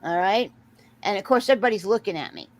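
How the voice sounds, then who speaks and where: A middle-aged woman hosting a casual chat, telling a story with lively acted-out quotes and frequent laughter. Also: medium pitch, quick pace, poor audio. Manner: animated storyteller, acts out quotes, laughs often. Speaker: host.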